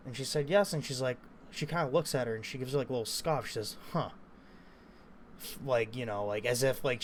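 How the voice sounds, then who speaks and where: A young man telling a story in a loose, rambling way, swearing often and leaning on fillers. His voice sits at an ordinary pitch, and a faint hiss hangs behind it. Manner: rambling, profane, lots of fillers. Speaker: vlogger. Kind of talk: casual storytelling.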